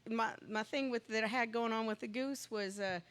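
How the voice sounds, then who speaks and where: A woman's voice: a little high, moderate pace. Chatty woman telling a rambling story. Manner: chatty, rambling storyteller who gets excited. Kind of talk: casual chat.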